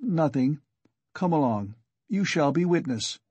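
A man reading the part of a feverish, weak young man who talks in a strained, fretful way, with a husky voice. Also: a little high, expressive, a little slow, darkish tone, dry recording. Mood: tense. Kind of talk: audiobook character reading.

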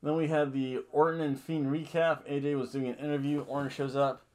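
A man's voice: on the high side, level tone, fairly quick, a little mellow. A man hosting a wrestling podcast, recapping a show in a rambling, self-correcting way with jokey asides.

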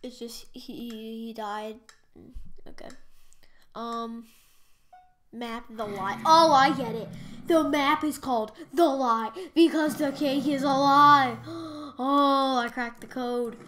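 A young woman commentating a Minecraft match, excitable and prone to squealing and shouting when things happen in the game. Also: sits high, takes it slowly. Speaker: gaming YouTuber. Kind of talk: Minecraft let's play commentary.

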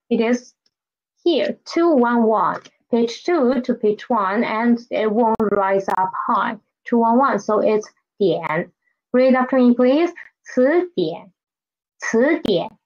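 A woman with a slightly high voice gives a language lesson at an unhurried pace. She patiently repeats each word and models the tones for learners to follow. The recording sounds muffled and lo-fi. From Philippines. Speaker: Mandarin teacher. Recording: dull lo-fi recording.

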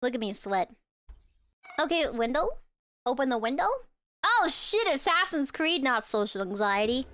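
A woman streamer giving excitable, giggly live commentary on a game, swearing freely. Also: high-pitched, moderate pace, long pauses, dry recording. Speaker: VTuber streamer.

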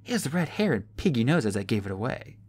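A casual, cocky teenage boy from an audiobook, as a man reads him. He talks offhand in a slightly husky voice. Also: mid-range voice, sing-song, quick pace, a little mellow, no echo.

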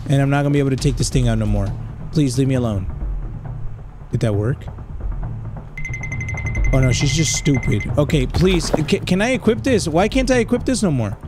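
A high-pitched man hosts a let's play, his voice swooping all over the place. He is excitable and profane and talks straight to his viewers. He throws in Spanish slang exclamations as he goes. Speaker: gaming channel host.

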